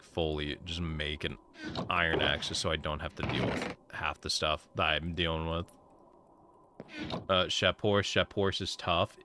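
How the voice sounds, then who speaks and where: A man's voice: low voice, sharp tone. A man streaming a game live, chatting casually with his viewers, voice a little sore. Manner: rambling, chatty, talks to chat. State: slightly sore voice. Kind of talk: casual live-stream chat while gaming.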